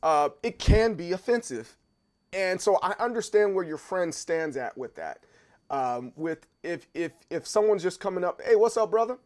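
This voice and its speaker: A man's voice: sits high, animated, unhurried. A man in his thirties hosting a livestream, chatting casually through viewer comments and often stopping to repeat words as he thinks aloud.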